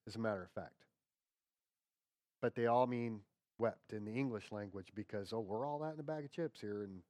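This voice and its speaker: A man preaching a sermon in a conversational, folksy way, checking in with his listeners and dropping to quiet tones for emphasis. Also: mid-range voice, dry recording, clean studio sound. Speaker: pastor.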